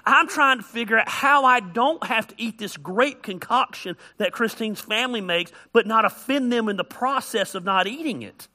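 A man's voice: sits high, moderate pace, hardly any pauses. A middle-aged man preaching a folksy, joking sermon as a pastor, acting out voices as he tells stories. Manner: animated storytelling, acts out voices.

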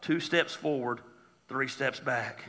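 A pastor preaching a sermon in a church, talking conversationally and joking with mocking asides. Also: male voice, medium pitch, slow, pushed and bright. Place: church auditorium. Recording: long hall reverb.

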